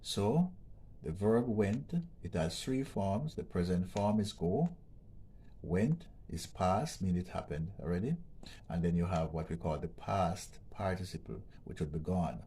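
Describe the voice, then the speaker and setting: A man's voice: deep voice, expressive, measured pace, warm tone, slight background noise. A man teaching a grammar lesson, explaining patiently and checking in with "okay?" as he repeats each point. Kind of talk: educational vlog lesson.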